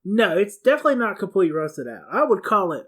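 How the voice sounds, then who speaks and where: A woman's voice: mid-range voice, sing-song, fast talker, a bit bright. A woman in her thirties co-hosting a podcast, retelling a film's plot in casual chat and laughing often. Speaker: podcast co-host.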